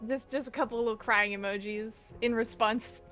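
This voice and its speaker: A woman's voice: on the high side, fairly even intonation, fairly quick, fairly bright tone, faint music behind. A woman playing a tabletop game, describing her pet's actions in a light, giggly way. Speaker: player.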